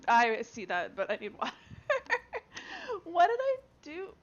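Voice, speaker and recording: A woman's voice: a little high, wildly swooping pitch, measured pace. Chatty Canadian woman streaming games. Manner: chatty, laughs often, talks to chat and a friend. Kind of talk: casual gaming stream chat. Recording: dull lo-fi stream audio.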